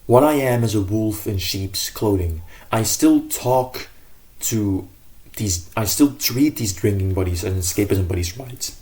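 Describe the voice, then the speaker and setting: Earnest man with a dark, low voice. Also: a little slow. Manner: earnest, rambling, self-correcting. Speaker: self-improvement vlogger. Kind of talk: casual advice monologue.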